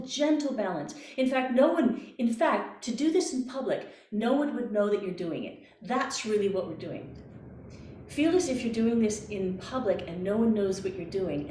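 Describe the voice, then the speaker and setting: A woman voice coach leading a workshop over a video call, giving calm, gentle cues. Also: mid-range voice, roomy sound, slight background noise. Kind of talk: guided workshop instruction.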